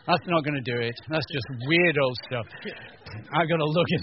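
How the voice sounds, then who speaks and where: A man from the north of England giving a humorous teaching talk to a live audience, animated and jokey, acting out little scenes. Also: on the high side, brisk, lo-fi sound. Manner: animated, jokey, acts out voices, stammering restarts. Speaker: preacher.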